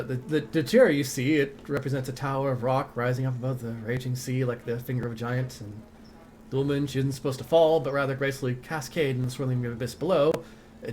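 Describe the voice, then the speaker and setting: A man's voice: medium pitch, fast talker, darkish tone, faint music behind, close to an everyday voice. A man voicing a proud, fussy old female dwarf who directs a theater company, speaking with theatrical dignity. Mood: grand, dignified.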